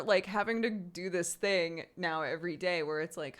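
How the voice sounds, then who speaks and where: A woman's voice: lowish voice, moderate pace. A woman in her thirties hosting a live stream, chatting candidly and laughing at herself. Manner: candid and self-mocking, laughs often, acts out loud exasperated outbursts. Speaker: streamer host. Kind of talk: casual chat to a live stream audience.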